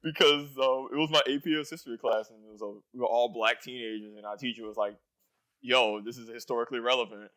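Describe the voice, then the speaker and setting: A man co-hosting a podcast, telling a story in an animated way and acting out quoted lines. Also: mid-range voice, fast talker, hardly any pauses, rough recording. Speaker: podcast co-host. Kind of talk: casual chat.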